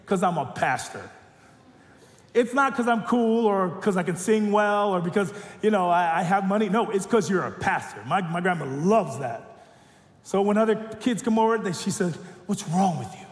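A male pastor preaching a sermon, telling stories and joking, animated. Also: high voice, moderate pace. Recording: echoey church hall.

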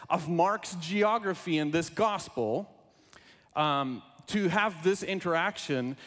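Male pastor, high animated voice, unhurried sermon delivery, long church reverb. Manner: lively, playful, reads aloud with animal noises. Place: church sanctuary. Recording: long reverb in a large hall.

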